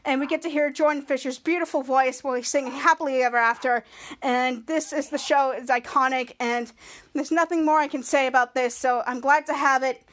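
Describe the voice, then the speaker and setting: Excitable high-voiced woman podcast host. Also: a little fast. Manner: excited, acts out character lines in a raised voice. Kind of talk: casual TV episode recap.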